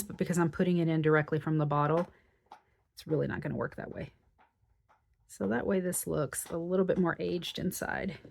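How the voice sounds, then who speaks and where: Brief: woman craft host, lowish voice, relaxed chatty walkthrough at her table. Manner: chatty, thinks aloud while working. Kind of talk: casual craft tutorial.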